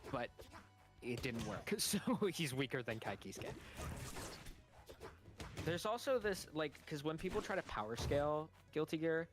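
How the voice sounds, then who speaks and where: A man's voice: on the high side, expressive, a little slow, pauses often, music in the background. A man co-hosting a game stream in casual chat, nerdily explaining game lore at length with small chuckles.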